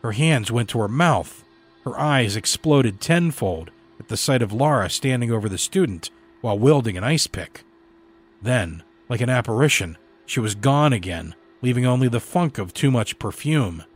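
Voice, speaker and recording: A man reading a horror story aloud in a measured, dramatic storytelling delivery. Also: medium pitch, lively intonation, slightly rough, soft background music. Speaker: story narrator. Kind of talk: scripted horror narration.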